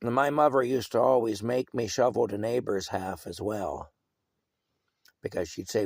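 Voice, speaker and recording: A man's voice: on the low side, measured pace, dry recording, clean studio sound. An older man telling a rambling childhood story in a casual vlog, chuckling often and leaning on fillers like "you know". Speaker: vlogger.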